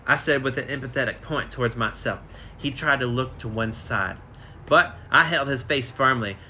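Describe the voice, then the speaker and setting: A man's voice: medium pitch, normal speed, sharp tone, a little hiss or hum. A man reading a biography aloud on a casual live stream, stumbling and correcting himself as he goes. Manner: reads aloud with frequent slips and self-corrections. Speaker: reader. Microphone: phone on a live stream.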